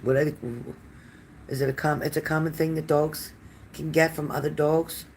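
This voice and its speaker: At a moderate pace and level tone, a mid-range voice leads a casual live-stream card reading over slight background noise. The psychic host is chatty and warm, naming viewers and calling them honey, answering comments with many fillers and restarts.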